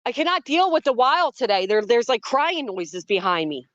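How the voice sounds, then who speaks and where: A woman's voice: a little high, big pitch swings, normal speed, a bit bright, no room sound. Female livestream host, outdoors, dramatic and chatty, muffled lo-fi audio. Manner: dramatic, talks to chat. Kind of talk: casual livestream commentary. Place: outdoors in a yard by trees.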